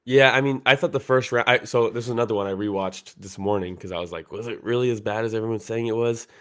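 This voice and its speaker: Low-voiced man rambling about fights. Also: fast talker, fairly bright tone, no room sound, clean studio sound. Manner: rambling, full of "like" fillers, laughs while retelling. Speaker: podcast co-host. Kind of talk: casual fight analysis chat.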